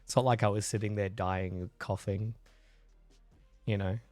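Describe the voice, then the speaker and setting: A man's voice: lowish voice, fairly even intonation, a little slow, darkish tone, no room sound. A man hosting a livestream, chatting in a rambling way with viewers while recovering from a chest infection and coughing now and then. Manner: rambling, chatty, reads and answers chat. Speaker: livestream host. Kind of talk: casual chat with live viewers.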